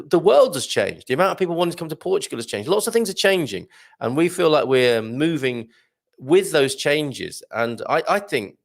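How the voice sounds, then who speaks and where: A man's voice: medium pitch, creaky. A light-hearted man hosting a live chat show, reading out viewer comments and laughing often. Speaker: host.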